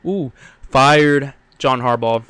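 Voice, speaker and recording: A man's voice: mid-range voice, takes it slowly, fairly bright tone, clean tone, no echo. A young man hosting a solo sports podcast, out of breath, rambling with lots of fillers and blunt, profane opinions. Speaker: podcast host.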